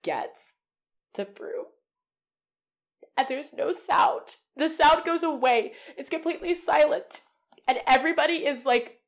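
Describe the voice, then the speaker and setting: A young woman on a film podcast, her voice a little higher than most. She talks with lively emotion, swears casually and often acts out lines from the film. The delivery is loose and conversational. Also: measured pace. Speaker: podcast co-host.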